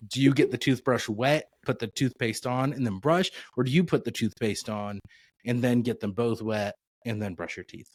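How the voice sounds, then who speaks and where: A man co-hosting a podcast in casual chat, relaxed and rambling, with frequent "uh" and "um". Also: mid-range voice, moderate pace, no room sound. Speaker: podcast co-host.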